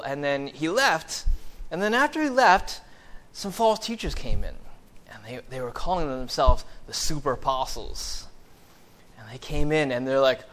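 A man's voice: on the high side, fairly bright tone. A man, a pastor, giving a sermon in a conversational, joking way, with many fillers and restarts.

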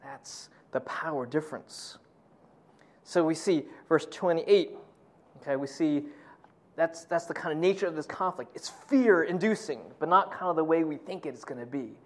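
High-voiced man preaching conversationally. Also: normal speed. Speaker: pastor. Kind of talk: sermon.

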